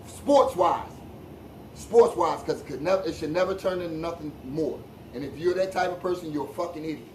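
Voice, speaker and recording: A man from hosting a live-streamed sports talk show, ranting bluntly and with plenty of profanity, dropping low for asides and rising into shouts. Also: a little hiss or hum, poor audio. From Philadelphia.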